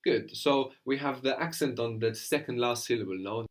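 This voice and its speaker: A man teaching a spoken language lesson, patiently coaxing a student and modelling pronunciation slowly. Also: medium pitch.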